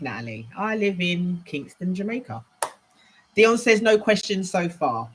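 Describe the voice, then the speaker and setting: On a live stream from her home, an English-accented woman talks casually while moving from room to room, her voice on the low side, sing-song and unhurried with a breathy edge. She is a leadership trainer hosting a live Q&A, rambling and musing aloud.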